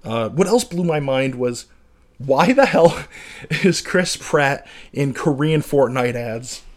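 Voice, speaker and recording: A man co-hosting a casual gossip podcast with his wife, animated and joking, breaking into loud outbursts. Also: mid-range voice, slow. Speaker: podcast co-host.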